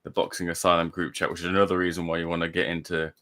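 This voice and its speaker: A man's voice: low voice, monotone, rapid-fire, bright, forceful tone. A man on a podcast panel in casual chat, telling a story in a rambling, hesitant way.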